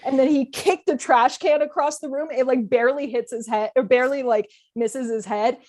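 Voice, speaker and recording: A young woman on a podcast, telling a story in casual chat and acting out other people's lines in animated bursts. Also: sits high, normal speed. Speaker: podcast guest.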